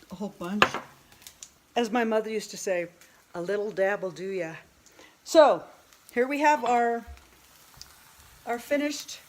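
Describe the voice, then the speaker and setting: A cooking vlog host in her fifties, with a voice on the high side, gives a casual demonstration in her home kitchen. She's chatty, thinks aloud as she works, and laughs at herself. The low-quality recording has a little hiss or hum, and a pan sizzles while dishes clatter behind her.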